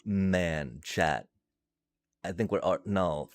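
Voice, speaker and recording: A man's voice: low voice, takes it slowly, faint music behind. A man streaming a card game, ranting and swearing in casual commentary. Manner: frustrated, swears constantly, rants.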